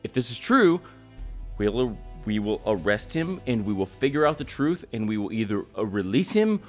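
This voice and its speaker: A man's voice: lowish voice, big pitch swings, moderate pace, faint music behind, voice pushed down. A man voicing a laid-back male city leader in a tabletop game, speaking in a casual, offhand way.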